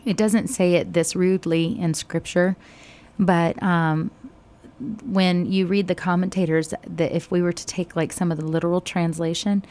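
A woman teaching a Bible study, retelling scripture in conversation with sudden animated bursts. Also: lowish voice, moderate pace.

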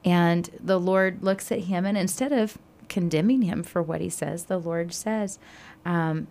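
A woman telling a Bible story to a listener in a casual, animated way, with frequent fillers. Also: fairly low pitch, a little slow.

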